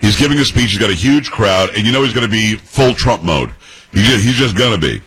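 A man hosting a radio talk show, bantering and teasing his co-hosts with quick jokes and frequent laughter. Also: fairly low pitch, animated, fairly bright tone, slightly rough, rough recording. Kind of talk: casual banter on air.

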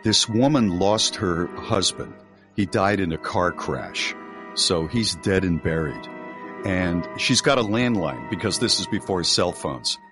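A man's voice: sits low, a little slow. A man co-hosting a radio talk show, retelling a spooky story with acted-out quotes over a music bed. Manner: animated storyteller acting out quotes.

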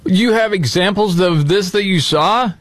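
A man's voice: sits high, unhurried, a bit bright, no room sound. A man hosting a casual political talk show, speaking in a blunt, indignant way. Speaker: podcast host.

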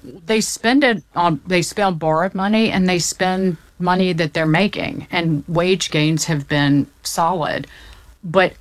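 A woman's voice: fairly low pitch, slow pace, no echo. A woman from the Southern United States explaining the economy in casual chat, packed with figures, often restarting mid-sentence. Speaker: economics commentator.

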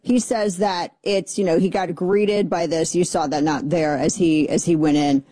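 A woman's voice: lowish voice, fairly even intonation, moderate pace, warm tone, no room sound. A middle-aged woman hosting a political radio talk show, chatty, opinionated and sarcastic. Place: radio studio.

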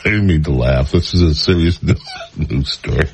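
A man's voice: a bass voice, moderate pace, a little mellow, slight background noise. A man hosting a talk radio show, giving sarcastic, opinionated commentary on the news with frequent sighs and laughs.

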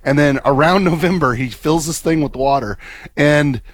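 Male radio co-host, higher voice, dry studio sound, excitable storyteller. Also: normal speed, no echo. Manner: excitable, laughs, acts out quotes. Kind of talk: animated storytelling on air. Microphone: studio microphone.

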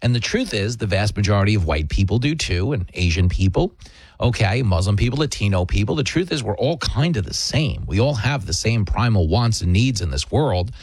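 A man's voice: on the low side, lively intonation, brisk, husky, dry recording. A man hosting a talk radio show, delivering an opinionated monologue in an emphatic, sarcastic way.

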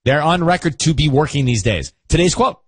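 A male radio host with a slightly husky voice that swoops up and down as he banters. He reads lines with playful mock charm, close to a dry studio mic. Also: fairly high pitch, lively intonation, fairly quick, no echo.

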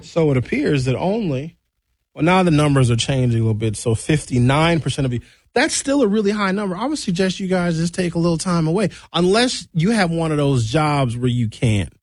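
A man hosting a morning radio show, talking in a chatty, drawn-out, animated way. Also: fairly high pitch, no room sound, studio quality. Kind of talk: casual talk-radio monologue.

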